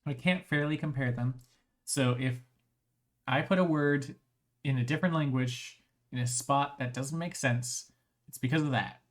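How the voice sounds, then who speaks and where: A live streamer in casual chat, rambling and restarting phrases, voice strained with frequent throat clearing. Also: medium pitch, moderate pace.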